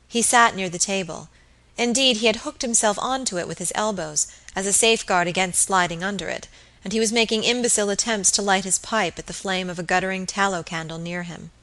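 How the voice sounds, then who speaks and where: Woman, audiobook narrator, bright clear tone, measured expressive reading, classic novel. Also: medium pitch, rough recording.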